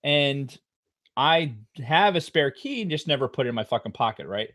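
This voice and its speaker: Animated, profane man telling a story. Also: medium pitch, moderate pace. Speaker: podcast co-host. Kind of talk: casual podcast storytelling.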